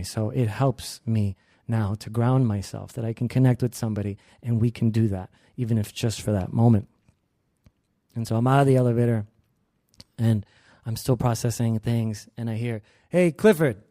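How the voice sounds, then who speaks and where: A young man telling a personal story on stage, lively and acting out the quoted lines. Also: mid-range voice, no echo, clean studio sound. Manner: animated, acts out quoted lines.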